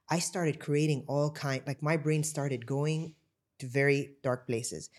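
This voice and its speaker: A woman co-hosting a podcast, telling a personal story in an animated, frank way and swearing freely. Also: deep voice, unhurried. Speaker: podcast co-host.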